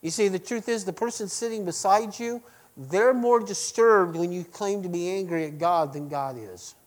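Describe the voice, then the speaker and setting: A middle-aged man preaching to his congregation, swinging between loud emphasis and quiet lines and asking them direct questions. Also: high-pitched, normal speed. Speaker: pastor. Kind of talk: sermon.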